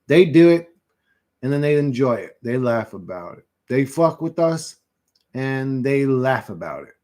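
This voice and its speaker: A man's voice: mid-range voice, sing-song, unhurried, dark tone. A man in his thirties hosting a livestream, ranting in a rambling, profane, conspiratorial monologue into a computer mic at his desk. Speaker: livestream host.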